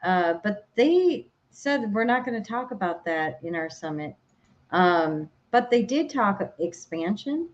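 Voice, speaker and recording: A woman's voice: mid-range voice, very animated, measured pace, muffled recording. A woman from Minnesota with a Minnesotan accent, co-hosting a podcast in casual chat, rambling and searching for words. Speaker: podcast co-host.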